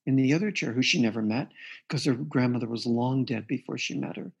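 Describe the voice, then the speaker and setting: A man with a husky, slightly breathy voice at a mid pitch tells a client's story in an interview. He speaks earnestly and acts out the lines from the session as he goes. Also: a little fast. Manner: earnest, recounts a client case with quoted dialogue. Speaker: guest author and therapist.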